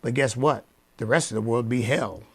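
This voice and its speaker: A man hosting a radio show, delivering a preacherly opinion monologue that swings from low asides to loud, emphatic peaks. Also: a little fast, creaky, slightly rough.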